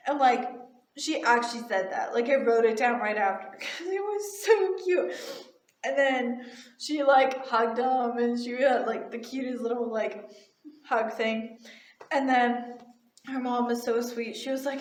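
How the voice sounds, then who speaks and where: Bubbly young woman with a high voice telling a chatty storytime in a roomy space. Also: a little slow. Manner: gushing, chatty, full of "like" fillers. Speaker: retail cashier and vlogger. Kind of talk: casual storytime.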